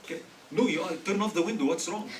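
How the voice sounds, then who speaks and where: Speaking in a high-sitting voice at a quick clip, a man from Egypt entertains a student religious gathering with jokes and quiz questions during a humorous religious talk. Recorded in an echoey hall, the mic is distant and a faint hiss runs underneath.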